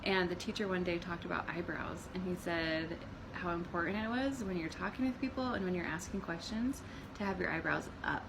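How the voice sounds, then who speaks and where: A woman's voice: fairly low pitch, fairly quick, background noise. A woman in her thirties co-hosting a casual chat about marriage, telling stories with lots of laughter and acted-out quotes. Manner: animated storyteller, laughs often, acts out quotes. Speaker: co-host of a marriage channel.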